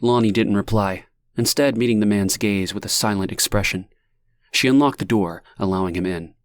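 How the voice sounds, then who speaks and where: Low-voiced male audiobook narrator. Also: normal speed, dry recording. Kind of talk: scripted narration.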